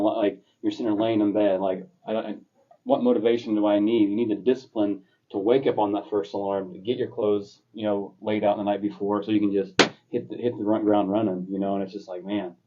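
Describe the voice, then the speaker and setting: An earnest man reflecting aloud as a podcast co-host, his low voice staying flat. He sits back from the mic, and the recording is dull and lo-fi. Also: brisk, distant mic. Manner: earnest, reflective, speaks in run-on thoughts. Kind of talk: casual chat.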